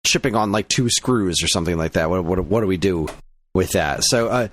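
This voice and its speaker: Rambling low-voiced American podcast man. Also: fairly quick, a little hiss or hum. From United States. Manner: rambling, many fillers and restarts. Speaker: podcast co-host. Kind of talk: casual podcast chat.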